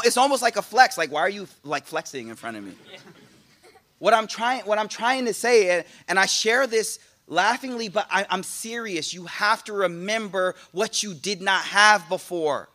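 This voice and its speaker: Guy giving a casual pep talk to a crowd, high bright voice, jokey, acts out stories. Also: normal speed. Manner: animated storytelling with jokes and quoted voices. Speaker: speaker giving a talk to an audience.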